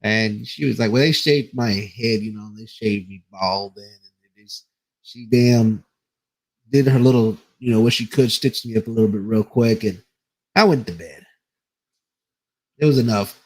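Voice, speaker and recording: A man's voice: fairly low pitch, normal speed, long pauses. A man on a podcast telling a rambling, profane story in casual chat, laughing as he goes. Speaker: podcast co-host.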